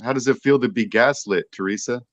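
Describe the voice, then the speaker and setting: A man's voice: medium pitch, brisk, dry recording. A man speaking as a guest on a livestream panel in a sarcastic, mocking way. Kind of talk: casual livestream chat.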